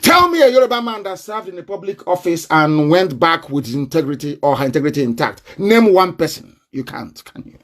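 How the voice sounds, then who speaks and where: A man's voice: fairly high pitch, very animated, brisk, few pauses, a bit bright. A man with a Nigerian accent, speaking in a fiery, confrontational live online broadcast and breaking into mocking laughter. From southeastern Nigeria.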